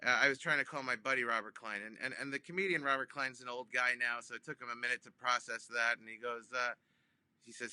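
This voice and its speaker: A comedian, a man, telling a funny phone-call story in an animated way, with many ums and restarts, acting out both sides. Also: medium pitch, fast, clean tone, no room sound. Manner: acts out both sides of phone calls with big voice jumps. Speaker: comedian guest.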